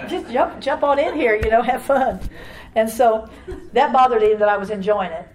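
An older woman giving a rambling, animated personal testimony to a church congregation, laughing often as she tells her story. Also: fairly high pitch, moderate pace, crowd noise, poor audio.

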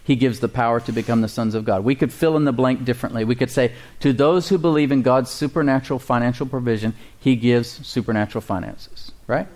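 A pastor preaching a sermon to his congregation, calling for responses and slowing down to read scripture aloud. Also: mid-range voice, darkish tone.

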